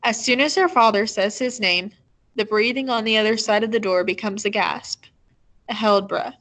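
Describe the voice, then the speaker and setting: A woman reading a novel aloud in a measured, gentle storytelling manner. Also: mid-range voice, poor audio. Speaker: reader.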